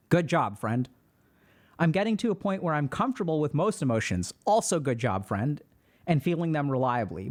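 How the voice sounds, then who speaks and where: A calm man reads a viewer's post aloud on his stream, then talks it through in an explaining, reflective tone. His voice sits a little high for a man. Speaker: host. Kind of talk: reading and commenting on a viewer post.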